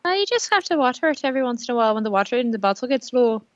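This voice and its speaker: A woman's voice: a little high, sing-song, rapid-fire, dry recording, highs cut off. A woman voicing a friendly, chatty male orc flower seller in a tabletop game, with an Irish and New Zealand accent that comes and goes. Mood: cheerful. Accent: wavering Irish and New Zealand mix. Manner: cheery, sing-song salesman patter.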